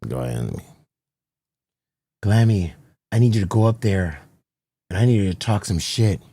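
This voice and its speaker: Excitable streamer man, lively dry voice. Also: fairly low pitch, moderate pace, slightly rough, dry recording. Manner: excitable, swears, repeats himself. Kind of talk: casual live stream reaction.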